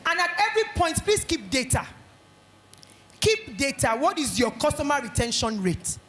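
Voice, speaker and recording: Animated high-voiced Nigerian woman speaker. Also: normal speed, roomy sound. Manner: animated, acts out little scenes in quoted voices. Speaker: speaker at an education conference. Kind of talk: lively motivational talk.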